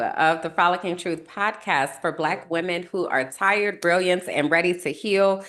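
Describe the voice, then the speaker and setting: Upbeat woman hosting her live podcast, chatty, kinda low voice, takes her time. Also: a little slow, few pauses, a bit bright. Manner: upbeat, chatty, greets the chat, says y'all. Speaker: podcast host on a livestream. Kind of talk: casual live-stream chat.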